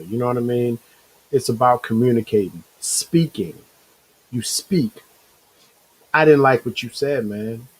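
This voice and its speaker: A man hosting a casual motivational talk show, rambling and animated, acting out inner voices, with a slight cough. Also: medium pitch, husky, rough recording. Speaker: show host.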